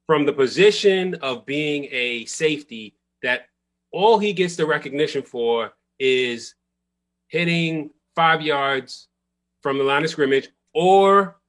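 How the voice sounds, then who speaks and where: A man's voice: fairly high pitch, lively intonation, slow pace, a bit bright. Emphatic man ranting about football. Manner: emphatic, blunt, says okay a lot. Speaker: podcast co-host. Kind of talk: casual sports chat.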